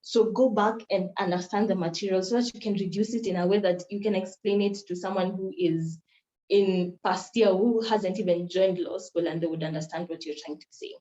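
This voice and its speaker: A woman's voice: medium pitch, fairly even intonation, a little fast, mellow. A young woman from Kenya giving a workshop talk on moot court, earnest and instructive, stressing key points by repeating them. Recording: roomy, dull lo-fi sound.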